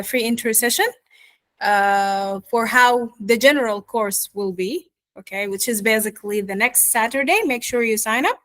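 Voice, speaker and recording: A woman's voice: fairly high pitch, fairly bright tone, no room sound. A woman coaching accents in an online course lecture, explaining step by step and speaking straight to her students. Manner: explanatory, addresses students directly.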